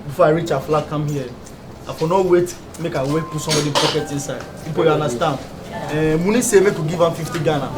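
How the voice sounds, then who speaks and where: A man's voice: fairly high pitch, fast, over loud music, natural voice. A man speaking plays a scheming worker who has travelled from far away. He rambles and repeats himself as he tries to persuade others.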